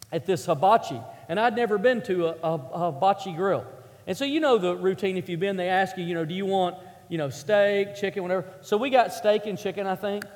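A man preaching a sermon to a congregation, telling a story in a chatty, self-mocking way and asking the audience questions. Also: high voice. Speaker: pastor. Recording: echoey hall with long reverb.

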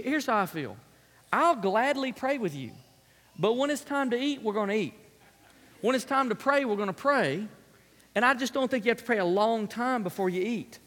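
A man preaching a sermon as pastor, telling stories in an animated way that swings from loud to hushed. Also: high voice. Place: church sanctuary. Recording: long reverb of a large hall.

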